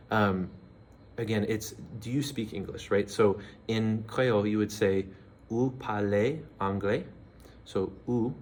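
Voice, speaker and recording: Male teacher, low voice, relaxed and patient, slow repeats, faint room ambience behind. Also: slight background noise. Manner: relaxed, repeats phrases slowly with fillers. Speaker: language teacher. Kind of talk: casual language lesson.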